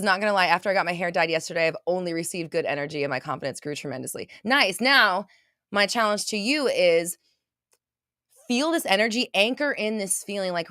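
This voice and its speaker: A woman's voice: lowish voice, a bit bright, dry recording, studio quality. Emphatic woman hosting a motivational livestream. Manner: emphatic, gushing, repeats herself, swears; reads viewer comments aloud. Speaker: livestream host. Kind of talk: casual motivational livestream chat.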